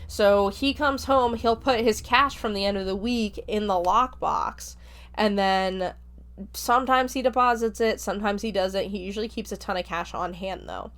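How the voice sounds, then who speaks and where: A woman's voice: mid-range voice, normal speed, fairly bright tone. A woman hosting a podcast, casually summarizing a book's plot in a loose, chatty way full of fillers. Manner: chatty, filler-heavy retelling. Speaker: podcast host reviewing a book.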